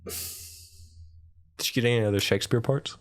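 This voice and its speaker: A man's voice: mid-range voice, steady tone, unhurried, music in the background. A young man co-hosting a podcast, rambling casually with lots of ums and likes. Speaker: podcast co-host. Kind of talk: casual chat.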